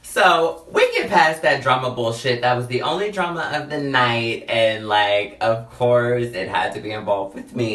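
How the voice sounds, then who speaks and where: A man's voice: mid-range voice, unhurried, a bit bright, echoey room, distant mic. A man telling a dramatic storytime in a casual, chatty way, filling his talk with "like" and "honey". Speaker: vlogger.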